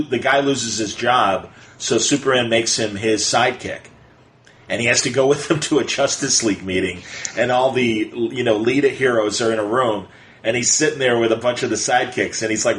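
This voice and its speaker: A man in the middle of a casual podcast conversation, talking fast and animatedly. His voice sits at a middle pitch. He keeps slipping into playful voices whenever he quotes someone. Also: a bit bright, slight background noise, rough recording. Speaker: podcast co-host. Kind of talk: casual chat.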